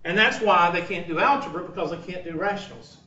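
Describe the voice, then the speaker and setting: High, bright Southern-accented male math teacher. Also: fast talker. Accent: Southern US, South Carolina. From Upstate South Carolina, USA. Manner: folksy, teasing, joking asides. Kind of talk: informal math lesson with banter. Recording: echoey room, from a distance, dull lo-fi, faint noise.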